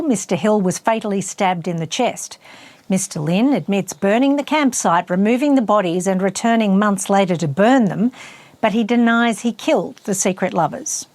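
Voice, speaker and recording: A woman with an Australian accent reading the news in a measured, formal studio delivery. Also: mid-range voice, darkish tone, dry recording. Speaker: news presenter.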